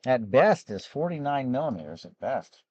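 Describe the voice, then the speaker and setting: A hoarse man, losing his voice, hosts a live gem and fossil sales show in a rambling, chatty way with frequent restarts. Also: mid-range voice, sing-song, normal speed, darkish tone, no room sound, muffled recording. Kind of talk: casual live-stream sales chat.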